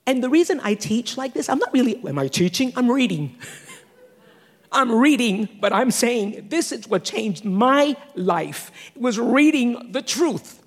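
A woman in her sixties preaching a sermon, animated, with teasing asides and laughter. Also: fairly high pitch, unhurried. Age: 60s. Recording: long hall reverb.

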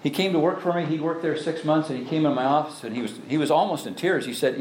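A man's voice: a little high, quick pace, few pauses, a little mellow, slight background noise. A middle-aged man, a pastor, preaching a sermon with emphatic exhortation and self-deprecating asides.

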